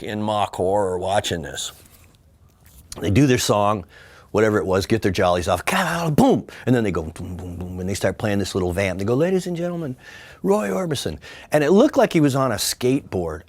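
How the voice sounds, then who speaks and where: A man, a record producer and guitarist, telling an anecdote in an animated way and mimicking the music with sound effects. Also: lowish voice, normal speed, no echo. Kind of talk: storytelling anecdote.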